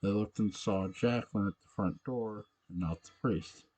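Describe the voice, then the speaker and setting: A man reading a story aloud, halting and often correcting himself mid-sentence. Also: on the low side, darkish tone. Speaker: narrator.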